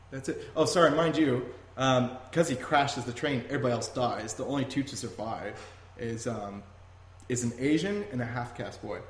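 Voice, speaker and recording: A man hosting a podcast in a heated, emphatic rant that often turns to swearing. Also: medium pitch. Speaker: podcast host. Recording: echoey room with faint noise.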